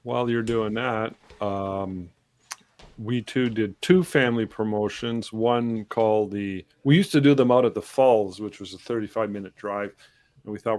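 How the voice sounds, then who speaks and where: A man with a fairly low voice hosts a loose, casual chat over a video call. He jokes and teases his co-host as they talk shop. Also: unhurried. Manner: joking, teasing. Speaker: podcast host.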